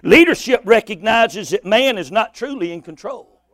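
High-voiced preacher, impassioned. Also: male voice, animated, normal speed, no echo. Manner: impassioned, rising to shouts and cries. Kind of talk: sermon.

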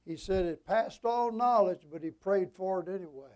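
At an evening church service, a man with a high voice preaches a sermon slowly and deliberately, his strong preaching cadence swinging between emphatic rises and hushed drops.

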